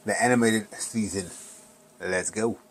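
Husky, offhand man reacting to a show. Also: on the low side, steady tone, a little slow, poor audio. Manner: offhand, joking. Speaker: reaction video host. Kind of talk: casual reaction commentary.

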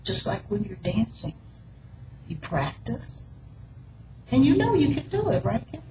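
A woman giving a gentle, coaxing children's message in a church service. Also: fairly high pitch, big pitch swings, unhurried, dull audio, slight background noise. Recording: echoey hall with music.

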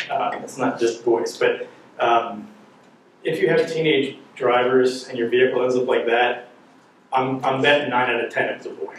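A man's voice: mid-range voice, slight background noise. Middle-aged man teaching a church parenting class. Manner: jokey, anecdotal, asks the audience questions. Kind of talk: humorous storytelling talk to a class. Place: church room with an audience. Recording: very echoey room, voice from far off.

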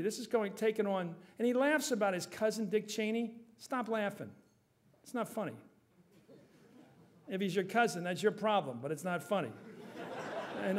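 A man answering audience questions at a forum, emphatic and animated, quick to joke. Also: high voice. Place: university forum hall.

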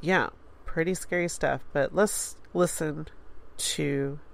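A woman's voice: deep voice, steady tone, takes it slowly, vocal fry. A congested woman in her forties, a radio host chatting casually and rambling with small laughs. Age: 40s. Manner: rambling, laughs between thoughts. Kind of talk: casual chat.

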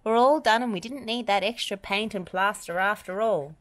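A woman voicing a cheerful, helpful male builder in a bright, friendly tone. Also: medium pitch, moderate pace, a little hiss or hum, voice pushed up, natural voice.

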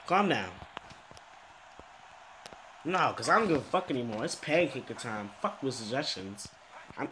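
A young man giving frustrated gameplay commentary, swinging between low muttering and exasperated, swearing outbursts. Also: sing-song, measured pace, long pauses, fairly bright tone, a little hiss or hum. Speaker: gaming commentator.

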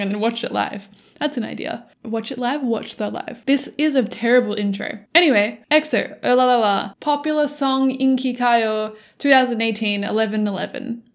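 A young woman hosting a casual reaction video, excitable and giggly and swearing often. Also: fairly high pitch, normal speed. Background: music playing.

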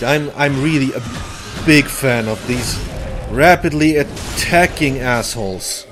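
A man hosting a gameplay video, commenting sarcastically with jokey exclamations and laughs. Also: mid-range voice. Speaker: let's play host.

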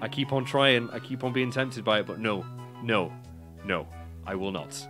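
A man's voice: on the low side, moderate pace. A British man casually commenting on a video game, reading the dialogue aloud and swearing. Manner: chatty, reads game text aloud in plain voice, swears, self-mocking. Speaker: let's play commentator. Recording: game music playing behind.

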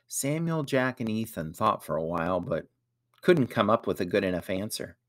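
A man narrating a storybook lesson aloud in an expressive way. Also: lowish voice, no room sound, studio quality. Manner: slow, expressive reading.

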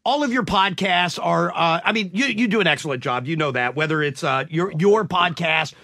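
A man's voice: on the high side, moderate pace, bright, forceful tone, dry recording, clean studio sound. A man hosting a morning radio show, chatting with a guest and gushing with praise. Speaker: radio host. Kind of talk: casual radio interview.

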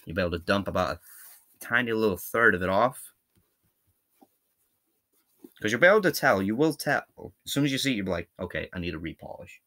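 Low-voiced Scottish man explaining boot care. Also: expressive, a little fast, long pauses, bright, forceful tone. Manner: chatty and informal, thinking aloud while working. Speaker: how-to video host. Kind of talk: casual hands-on tutorial.

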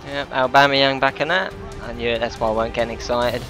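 A man giving live commentary over his own football video game match, frustrated, swearing often and yelling at his players. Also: medium pitch, fairly even intonation, fast, soft background music. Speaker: gaming commentator.

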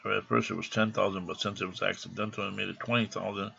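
A man's voice: lowish voice, level tone, quick pace, creaky, pushed and bright. A man telling a personal story in a rambling, indignant way with plenty of swearing. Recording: dull lo-fi recording.

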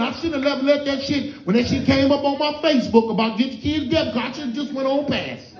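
A middle-aged man doing stand-up comedy in a club lounge, telling stories loudly with constant profanity. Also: extremely high pitch, fast talker, a little hiss or hum. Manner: loud, profane, animated storytelling. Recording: roomy club echo.

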